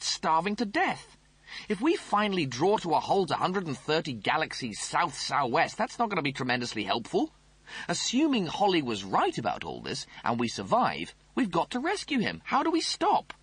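A man's voice: a little high, wildly swooping pitch, moderate pace, fairly bright tone, slightly rough, no echo, pitched above the performer's own voice, heavily acted. A man voicing a pompous, snappish male officer, fussy and indignant, in a storybook reading. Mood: exasperated.

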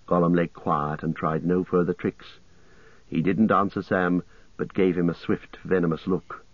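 A man reading a story aloud as an audiobook narrator, calm and measured. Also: sits low, dry recording. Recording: dull lo-fi, dry.

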